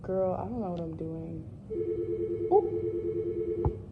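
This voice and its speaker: Young woman filming a casual work vlog on her phone; chatty, slangy, mid-pitched, noisy background. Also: a little slow, narrow, tinny audio. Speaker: vlogger at work. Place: indoor workplace at opening time.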